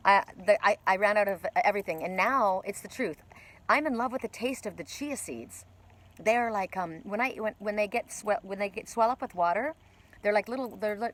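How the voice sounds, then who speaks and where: A woman hosting a live oracle card reading stream, rambling and chatty, with gentle spiritual encouragement, recorded outdoors at a lakeside cove. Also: medium pitch. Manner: rambling, chatty, with many fillers and restarts. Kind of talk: casual live-stream chat with viewers.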